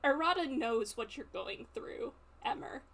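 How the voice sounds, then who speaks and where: A woman playing a tabletop game who narrates her character's actions, halting and hesitant, stopping often to find words. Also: sits high, animated, a bit bright, a little hiss or hum. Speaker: player.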